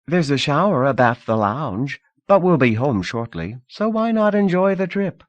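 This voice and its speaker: A man voicing a poised, polite young woman from a wealthy family, speaking in a bright, gracious, curious way in a dry audiobook reading. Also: a little high, sing-song, moderate pace, no echo, muffled recording, voice pushed up.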